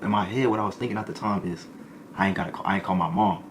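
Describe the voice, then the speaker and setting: A man with a low voice rattles through a story at a quick clip. He talks in loose, slangy bursts and sometimes jumps into other people's voices. A faint background hum sits under the recording. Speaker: streamer telling a story. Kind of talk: casual storytelling.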